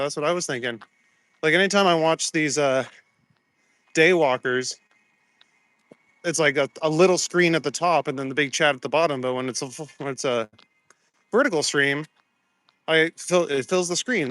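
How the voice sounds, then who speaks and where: Walking the streets outdoors at night, a man hosts a casual live stream on his phone camera, greeting viewers, chatting loosely and laughing easily. His voice sits on the high side with a fairly bright tone, and the recording is dry.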